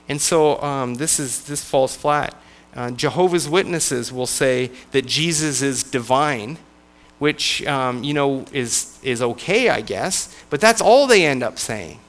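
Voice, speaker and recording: A man, a church elder, preaching a sermon in a conversational, halting way with frequent restarts. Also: mid-range voice, animated, fairly bright tone.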